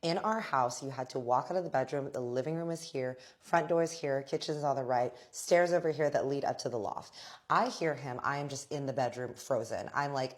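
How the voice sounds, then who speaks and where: Very low-voiced woman telling a dramatic story. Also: fairly quick. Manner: vivid, profane, addresses viewers as y'all. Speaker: storyteller, vlog host.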